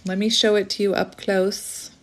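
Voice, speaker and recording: A woman's voice: mid-range voice, little pitch movement, moderate pace, slight background noise. A woman giving a casual spiritual tarot reading, chatty and rambling, often breaking off to laugh at herself. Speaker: tarot reader.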